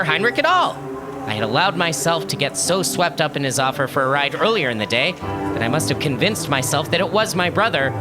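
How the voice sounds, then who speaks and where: Animated male storyteller over music. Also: a little high. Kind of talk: scripted first-person narration. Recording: music playing underneath.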